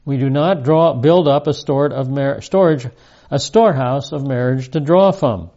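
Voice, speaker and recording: A man's voice: medium pitch, moderate pace, dark tone. A man in his seventies teaching the Bible verse by verse, reading passages aloud and stressing key phrases emphatically. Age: 70s. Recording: dull lo-fi recording.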